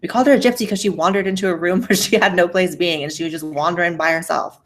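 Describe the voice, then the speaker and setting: A woman hosts a casual livestream and reads viewer messages aloud in a blunt, profane, sassy way. Her voice sits a little low. Her microphone is faulty and keeps cutting out. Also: fairly even intonation, fast talker. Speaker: livestream host. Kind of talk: casual livestream chat, reading super chats.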